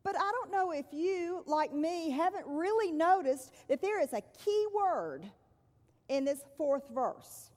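A woman preaching to her congregation in a high, unhurried voice, weighing each phrase. She often drops into a soft, hushed tone to land a point. Her words ring out with a long reverb from a large hall. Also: lively intonation. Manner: measured, dropping to soft hushed tones for emphasis. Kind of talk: sermon.

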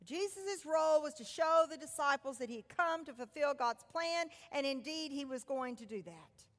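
Woman preacher, sermon storytelling, lively swooping pitch, long reverb. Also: normal speed. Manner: animated storytelling, swinging between loud and hushed. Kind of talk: sermon retelling a scripture story.

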